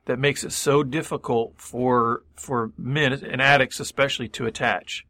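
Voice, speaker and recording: A man's voice: medium pitch, fairly even intonation, unhurried, bright, forceful tone. A man co-hosting a faith-based recovery radio talk show, thoughtful, building on his partner's points. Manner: thoughtful, builds on the other's point with many "I mean"s. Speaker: radio co-host.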